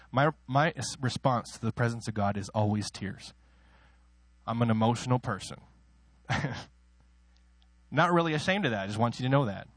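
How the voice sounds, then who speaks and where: A man preaching a sermon, emotional in delivery, moving between soft personal asides and loud, soaring declarations, with self-deprecating laughs. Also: husky, no echo. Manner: emotional, swings from soft asides to loud high-pitched exclaiming; laughs at himself between points.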